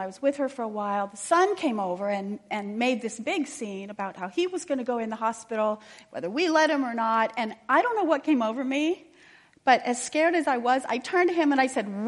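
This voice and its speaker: A woman preaching a sermon, telling a personal story in an earnest, quiet and intimate way. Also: a little high. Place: church. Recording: long church reverb.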